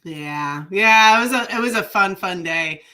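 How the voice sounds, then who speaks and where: Woman podcast co-host, bright tone, loose and playful banter. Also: lowish voice, animated, normal speed. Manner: chatty and playful, laughs easily. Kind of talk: casual chat.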